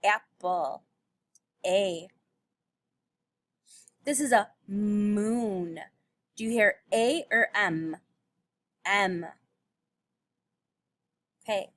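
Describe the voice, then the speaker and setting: A woman's voice: mid-range voice, a bit bright. A woman teacher giving a recorded phonics lesson to young children, patiently sounding out letters and words.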